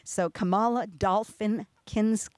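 A woman with a New York accent hosting a casual interview, chatty and quick to laugh. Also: medium pitch, a little mellow, no room sound, clean studio sound. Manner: chatty, laughs often, restarts sentences. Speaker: radio show host.

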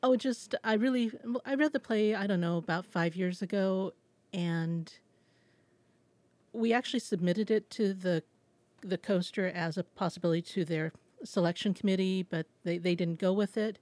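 A woman's voice: mid-range voice, normal speed, darkish tone, no room sound. A woman theater director being interviewed on radio, telling her story at length with small restarts.

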